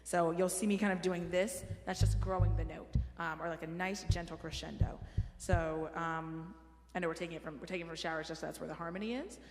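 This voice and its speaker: A woman's voice: lowish voice, fairly even intonation, a little fast. Woman coaching a choir in a hall. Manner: casual, encouraging, with fillers. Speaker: choir director. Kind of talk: choir rehearsal instruction. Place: church sanctuary. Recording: roomy hall with music behind.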